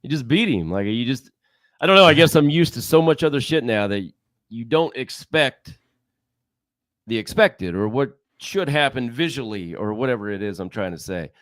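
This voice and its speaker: A man's voice: mid-range voice, expressive, moderate pace, a bit bright, no room sound, clean studio sound. A middle-aged man, a veteran wrestling guest, talking casually in a rambling, self-interrupting, folksy way. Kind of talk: casual podcast chat.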